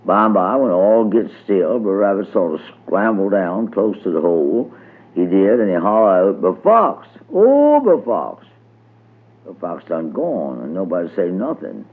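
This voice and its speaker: Husky male storyteller on old radio. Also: sits low, normal speed. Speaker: narrator. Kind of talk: storybook reading. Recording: tinny old radio recording.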